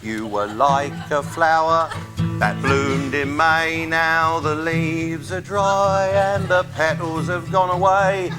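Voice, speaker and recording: A maudlin, earnest amateur folk songwriter in a TV comedy sketch, his voice pitched high and his delivery slow and drawn out. He stammers and trails off when he talks, then sings a mournful ballad. Loud acoustic guitar strums behind him. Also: fairly even intonation. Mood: mournful singing. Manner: halting, stammering and emotional when speaking. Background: acoustic guitar playing.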